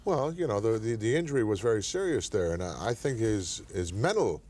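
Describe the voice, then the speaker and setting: A man hosting a wrestling TV show, talking steady and earnest with small stammers. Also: fairly low pitch, a little fast. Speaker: wrestling TV host. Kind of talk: broadcast commentary.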